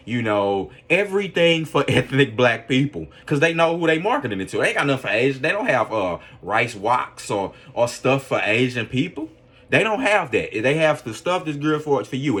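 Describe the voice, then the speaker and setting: Rambling, filler-heavy man with a lowish voice. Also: a bit bright. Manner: rambling, filler-heavy, keeps checking in with the listener; earnest, preaching religious conviction. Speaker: podcast commentator. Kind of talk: casual opinion monologue.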